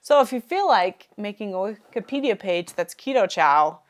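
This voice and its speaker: A woman co-hosting a live stream, reacting quickly with lots of exclamations and telling family stories. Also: medium pitch, sing-song. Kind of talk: casual live-stream chat.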